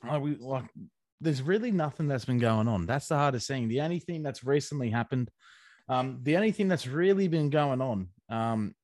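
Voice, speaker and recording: A man's voice: mid-range voice, animated, moderate pace, darkish tone, dry recording, clean studio sound. A man, co-hosting a casual podcast chat with crude, rambling, sweary banter. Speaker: podcast co-host.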